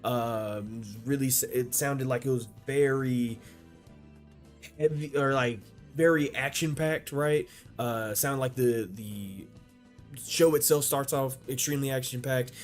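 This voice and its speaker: A man hosting an anime reaction video, talking casually and excitedly, swearing and restarting his sentences often, with faint music behind him. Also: mid-range voice, a little slow. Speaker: anime reaction channel host.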